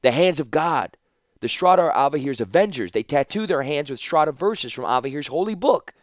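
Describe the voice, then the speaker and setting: A man voicing a shaken young man who bursts out loudly and insistently in an audiobook. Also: fairly high pitch, lively intonation, a little fast, no echo, clean studio sound, voice pushed up, lightly acted. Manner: loud, insistent outbursts. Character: shaken young man, frantic and half-mad with shock. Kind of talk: audiobook character voice.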